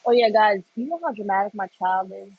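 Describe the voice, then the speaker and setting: A young woman from Florida hosting a late-night livestream, chatting and telling animated stories as she works. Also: mid-range voice, a little fast, breathy edge, dull audio. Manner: animated storytelling with laughs. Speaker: livestream host. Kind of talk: casual chat while working.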